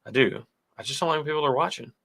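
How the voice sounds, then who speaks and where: A man's voice: medium pitch, rapid-fire, vocal fry, fairly bright tone. A man co-hosting a casual whiskey tasting livestream, chatting and reading viewer comments aloud. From United States. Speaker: whiskey show co-host.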